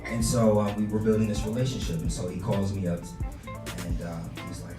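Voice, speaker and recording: A man's voice: on the low side, fairly even intonation, brisk, over music. A young man doing open mic stand-up in a loose, laughing way with many fillers, recorded from far off in an echoey room. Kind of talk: casual chat and stand-up storytelling.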